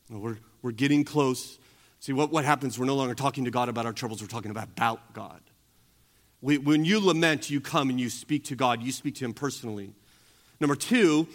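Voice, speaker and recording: A male pastor preaching a sermon, moving between quiet teaching and loud, emphatic preaching. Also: medium pitch, moderate pace.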